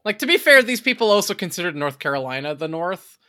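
A woman's voice: lowish voice, very animated, fast talker, background noise. A woman from Virginia co-hosting a casual chat, making wry, dry quips.

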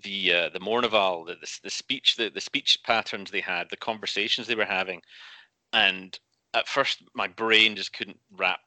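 Man with very bright, dry voice. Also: on the low side, moderate pace, no echo. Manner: animated, restarts often, acts out quotes. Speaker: guest author. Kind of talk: casual interview chat.

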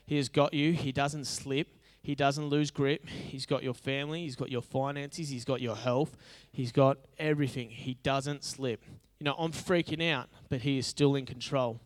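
A man's voice: mid-range voice, steady tone, normal speed, few pauses. A male pastor preaching a conversational, humorous sermon that builds into emphatic repetition.

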